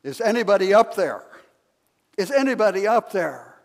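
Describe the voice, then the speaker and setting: A preacher turns into a terrified jogger dangling from a cliff, his voice pitched up and pleading. He shouts in desperate bursts. A long hall reverb trails every cry. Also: very animated, normal speed, vocal fry, exaggerated voice. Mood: panicked. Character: panicked man hanging from a cliff.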